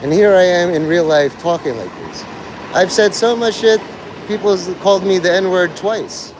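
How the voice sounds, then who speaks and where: Man, live streamer, crude sardonic rambling, animated voice, noisy street. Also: sits high, moderate pace.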